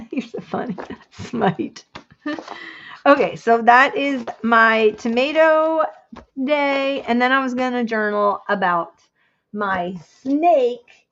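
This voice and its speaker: A woman chatting casually on a home livestream, excitable and quick to exclaim. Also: on the high side, lo-fi sound. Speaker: crafting livestreamer.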